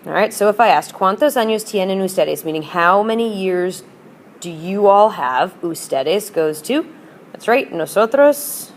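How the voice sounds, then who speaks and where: In a classroom lesson, a woman with a mid-range voice speaks expressively and without hurry, over a little hiss or hum. She drills the class with patient repetition, shifting between English and Spanish.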